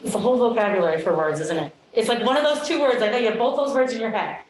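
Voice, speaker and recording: A woman teacher leading a classroom phonics demonstration with brisk quizzing questions and quick praise. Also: a little high, background noise. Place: meeting room. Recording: echoey room.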